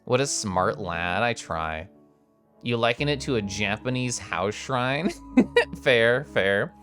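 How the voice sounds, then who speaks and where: A young adult livestreamer chatting casually and playfully while showing fan art, excitable, swearing now and then and making little growly noises. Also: medium pitch, takes it slowly, soft background music.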